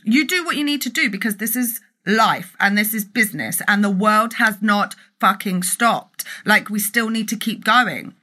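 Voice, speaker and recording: Fired-up woman, bright voice. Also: medium pitch, moderate pace, few pauses. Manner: passionate and emphatic, swears freely. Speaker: entrepreneur and business mentor. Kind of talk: live-stream rant to an online group. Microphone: phone or webcam for a live video.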